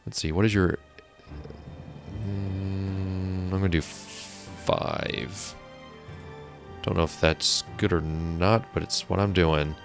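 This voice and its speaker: Male let's-player at a desk mic; deep, creaky, talks to himself and sighs at game characters. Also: steady tone, slow pace, long pauses, faint music behind. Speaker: gameplay commentator. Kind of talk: casual let's-play commentary. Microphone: desk mic on a stand.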